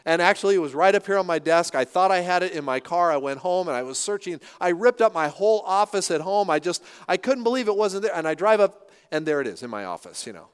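A middle-aged man delivers a sermon with an animated, conversational manner, often poking fun at himself. His voice sits fairly high and sounds smooth and clear. The recording carries a long reverberant tail from a large church hall. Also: quick pace. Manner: animated, conversational, self-deprecating humor. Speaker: pastor.

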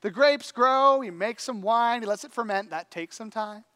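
A man preaching a sermon, telling a story in an animated, conversational way with acted-out quotes. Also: sits high, moderate pace, smooth. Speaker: pastor.

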